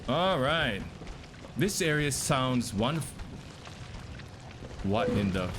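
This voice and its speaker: A man's voice: medium pitch, sing-song, slow, noisy background. A young man streaming a game live, chatting casually with his viewers and reacting to what happens on screen.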